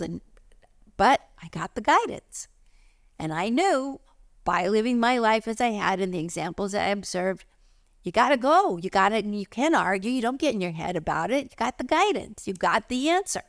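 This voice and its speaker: A middle-aged woman, a spiritual teacher, tells a personal story in a lively way and acts out the voices of other people. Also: mid-range voice, normal speed, vocal fry, no room sound, clean studio sound.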